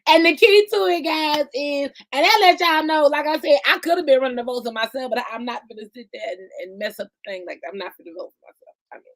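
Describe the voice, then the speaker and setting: A woman with a high voice hosts her own podcast in relaxed chat. She laughs easily and swings from loud, hyped bursts down to murmured side remarks. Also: fast talker. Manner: laughing, chatty, loud bursts then dropping soft. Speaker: podcast host. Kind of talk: casual live-stream chat.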